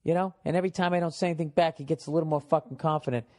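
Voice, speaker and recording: A man's voice: on the high side, steady tone, rapid-fire, a little mellow. Profane man ranting on a podcast. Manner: profane, blunt, mocking storyteller. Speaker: comedian podcast host. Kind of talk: casual podcast rant.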